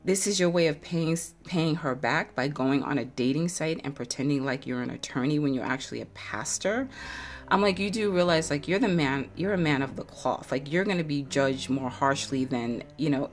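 Low-voiced woman telling a story. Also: normal speed, faint music behind. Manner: animated, conversational, many fillers. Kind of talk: casual storytelling.

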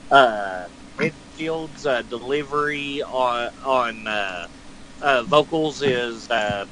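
A man's voice: mid-range voice, bright, forceful tone, a little hiss or hum, low-quality recording. A man co-hosting a podcast, reviewing an album track in a hesitant way with lots of filler sounds. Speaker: podcast co-host reviewing music. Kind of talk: casual review.

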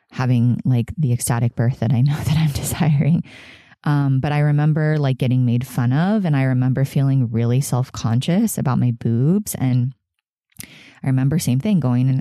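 Brief: woman in her 30s, podcast host, tearful and candid, mellow voice, dry close sound. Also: rumbling low, no echo. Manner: halting, emotional, frequent fillers and laughs. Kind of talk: candid solo podcast confession.

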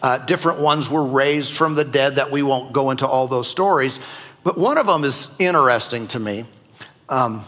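A man's voice: medium pitch, pushed and bright. Man, pastor, sermon, conversational, joking, long hall reverb.

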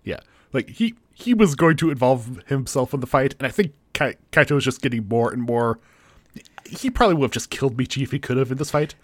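A man's voice: mid-range voice, a little fast, no echo. Dry-sounding man recapping casually. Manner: animated recap, acting out quoted lines. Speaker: co-host recapping a show. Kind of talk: casual chat.

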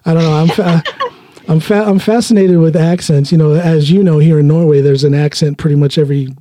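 Middle-aged guy hosting a chatty podcast, laughs a lot, kinda high but mellow voice, dead dry room. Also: brisk, dry recording. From United States. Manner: relaxed, laughs often, frequent restarts. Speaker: podcast host. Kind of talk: casual conversation. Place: home studio.

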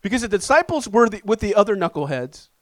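A man preaching a sermon as pastor, telling a personal story in an animated, self-deprecating way. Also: high voice, fast, no room sound.

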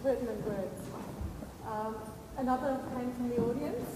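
Woman, moderator, slightly high voice, distant, very echoey, noisy room. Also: normal speed. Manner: brief, matter-of-fact announcements. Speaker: moderator reading questions. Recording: distant voice, very echoey hall, clear ambient noise.

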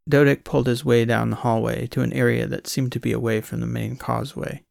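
Brief: male sci-fi audiobook narrator, gravelly tone, dry close recording, even delivery. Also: mid-range voice, brisk, hardly any pauses, no echo. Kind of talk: scripted narration.

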